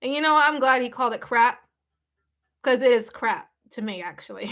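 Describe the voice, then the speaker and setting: A woman's voice: high voice, a little fast, a bit bright. A woman hosting a live stream, chatting casually with viewers in an emphatic, repetitive way and laughing often. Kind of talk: casual reaction chat with viewers.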